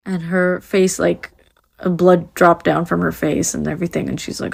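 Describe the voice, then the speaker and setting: A woman's voice: fairly low pitch, flat delivery, normal speed, vocal fry, husky, dry recording. Rambling young woman telling a ghost story. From Canada. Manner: rambling, lots of fillers and restarts. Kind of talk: casual storytelling.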